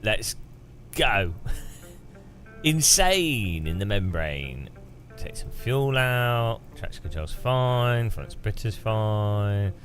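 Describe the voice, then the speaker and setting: A man's voice: on the low side, sing-song, drawn-out words, fairly bright tone, soft background music. A man joking through live racing-game commentary, greeting chat and poking fun at himself. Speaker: gaming streamer.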